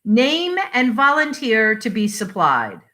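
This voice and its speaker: A woman's voice: fairly high pitch, very animated, takes it slowly, sharp tone, full character voice. A woman reading as a blunt, impulsive husband. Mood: insistent. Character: impulsive middle-aged husband, blunt and bitter.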